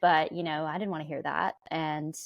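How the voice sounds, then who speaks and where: A young woman with a Southern twang tells her own story candidly and conversationally. Her voice sits a little low for a woman. The sound is dry and close, with no room echo. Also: steady tone, moderate pace, gravelly, lo-fi sound. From southern Alabama, USA. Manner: candid storytelling, light laughs. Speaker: podcast guest. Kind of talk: conversational interview.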